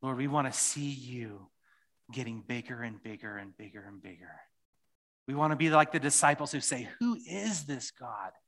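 A man's voice: medium pitch, normal speed, a bit bright. A man preaching a sermon and leading a closing prayer, speaking earnestly and often repeating phrases. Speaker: pastor.

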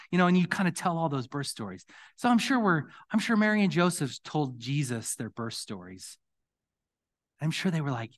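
A middle-aged pastor delivers a conversational sermon, his voice turning hoarse as it climbs into emphatic questions. His pitch is medium with wide swings, and he speaks at a moderate pace.

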